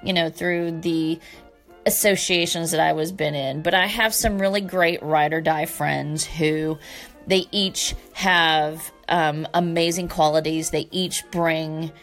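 A woman's voice: lowish voice, a bit bright. A woman hosting a solo talk show, speaking earnestly and from the heart to her listeners, with the odd casual swear word. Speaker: podcast host.

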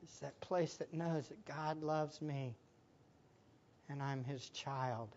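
Here a pastor's voice sits on the high side as he takes his sermon slowly, shifting from loud, excited outbursts to hushed prayer. He laughs often and keeps asking the listeners questions. The recording is muffled.

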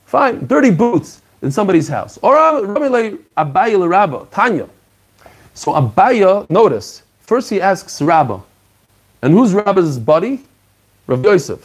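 Guy teaching gemara class, kinda high voice, gets all excited acting out the rabbis. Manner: excited storytelling with Hebrew and Aramaic terms, acting out quoted rabbis. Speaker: Talmud teacher. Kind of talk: animated Talmud class.

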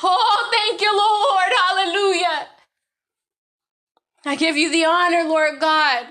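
A woman's voice: very high-pitched, a little slow, sharp tone. A woman giving an emotional religious testimony to her viewers, fervent and repeating praise phrases, her voice at times breaking with feeling. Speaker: vlogger giving a faith testimony.

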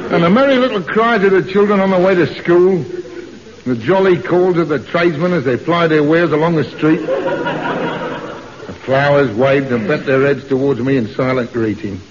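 A man's voice: fairly high pitch, expressive, moderate pace, a crowd in the background. A middle-aged man in a 1950s British radio comedy, playing a bashful, lovestruck tough. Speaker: comic co-star in a radio sitcom. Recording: dull old radio recording.

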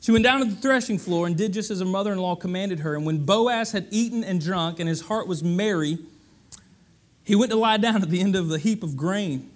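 A man preaching a sermon, animated and conversational, asking the congregation rhetorical questions. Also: high voice, brisk. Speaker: pastor.

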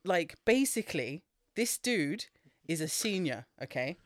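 A speaker, co-hosting a casual podcast and retelling a film in an animated way, laughing often and swearing freely. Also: medium pitch, unhurried, no room sound. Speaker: podcast co-host.

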